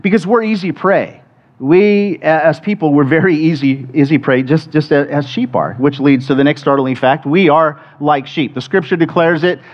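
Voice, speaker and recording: A man's voice: a little high, normal speed. A middle-aged man preaching a sermon in a conversational way, often restarting and repeating words. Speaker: pastor. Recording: muffled lo-fi sermon recording.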